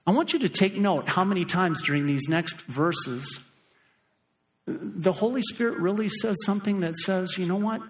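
A middle-aged man preaching a sermon as pastor, animated and acting out voices for emphasis. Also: high-pitched, moderate pace.

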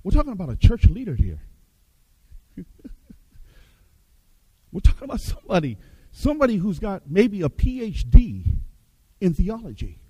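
A man preaching a revival sermon, emphatic, repeating his phrases and swinging between loud and hushed. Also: high voice, big pitch swings, moderate pace, long pauses, slightly rough, no echo. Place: church hall with baptism tank.

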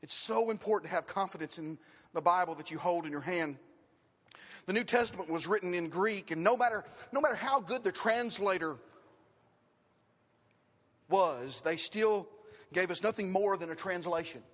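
A man's voice: sits high, moderate pace, pauses often, a bit bright. A man preaching a sermon and teaching his congregation, with questions and emphatic repetition. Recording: long reverb of a hall.

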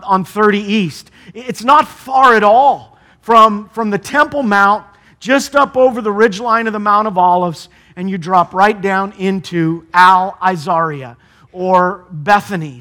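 A man's voice: sits high, unhurried, pushed and bright. A middle-aged man preaching a sermon in a conversational way, asking the congregation rhetorical questions. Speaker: pastor.

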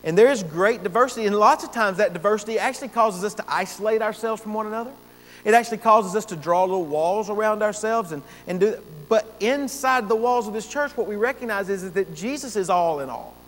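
A man's voice: high voice, fairly quick, a bit bright. A man preaching a sermon as pastor, earnest and emphatic, repeating phrases for stress. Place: church sanctuary. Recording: long church reverb, faint hum.

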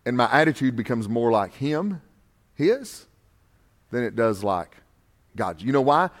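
A man's voice: medium pitch, sing-song, unhurried. A man preaching a sermon, building his points through repeated refrains. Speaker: pastor.

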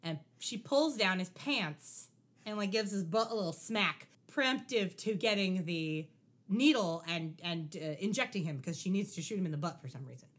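A woman's voice: lowish voice, normal speed. A young adult woman in a casual chat, wryly recapping a TV episode and acting out lines from it. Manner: animated, wry, acts out lines from the show. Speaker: podcast co-host.

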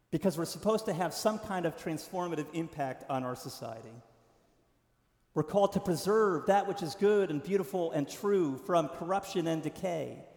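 A man preaching a sermon as pastor, emphatic, rising to stressed lines and then dropping soft. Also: a little high. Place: church sanctuary. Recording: echoey sanctuary with long reverb.

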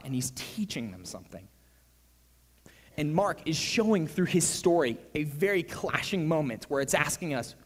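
A young man preaching a sermon, telling a personal story in a casual, lively storytelling manner. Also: on the high side, long reverb tail. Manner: casual, storytelling, acts out quoted voices.

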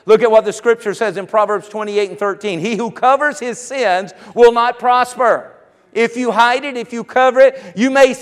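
A man's voice: very high-pitched, normal speed, long reverb tail. A man pastor, telling a story on himself with laughs and then preaching with rising fervor. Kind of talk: sermon with personal story.

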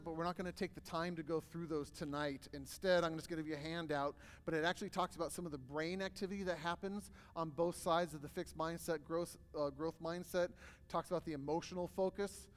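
A man with a somewhat high, steady voice speaks a little quickly as he presents a workshop to a live audience. He tells stories casually, packing in plenty of fillers, and the recording carries a long hall reverb.

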